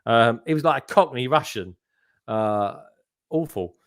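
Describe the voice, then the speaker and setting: A man's voice: medium pitch, animated, measured pace, no room sound, clean studio sound. A man, a guest in a casual livestream chat, talking colloquially and laughing easily. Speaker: guest co-host.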